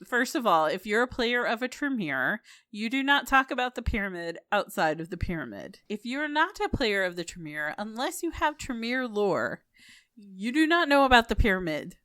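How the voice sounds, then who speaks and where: Animated bright-voiced woman podcaster. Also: fairly high pitch, moderate pace, no room sound, studio quality. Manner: animated, laughs often, playful emphasis. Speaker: podcast co-host. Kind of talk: casual podcast chat.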